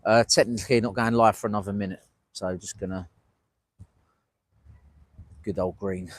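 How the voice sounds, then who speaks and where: A man with a fairly low voice and mostly even intonation rambles casually to his live-stream viewers from a street protest, chatting with the people in his chat. He speaks at a moderate pace into a small wearable mic, and the recording is dry. He's a livestreaming citizen journalist.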